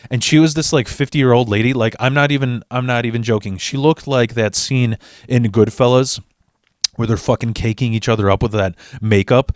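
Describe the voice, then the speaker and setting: A man telling a comedic personal story in a rambling, profane monologue, acting out the dialogue with shifting voices and jumping between fast and slow delivery. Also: medium pitch, no room sound, studio quality.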